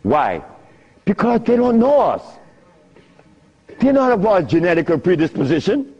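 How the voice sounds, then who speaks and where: Older man, husky voice, lively pitch, storytelling talk, muffled old recording. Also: a little slow. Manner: laughing often, swinging pitch up and down. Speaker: speaker giving a talk. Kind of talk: animated storytelling lecture.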